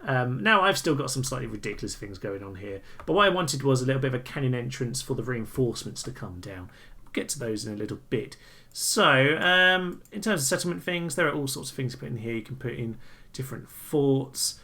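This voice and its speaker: A man giving casual, amused commentary over a strategy game, chatty and full of quick asides. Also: medium pitch, lively intonation, sharp tone. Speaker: gaming channel host.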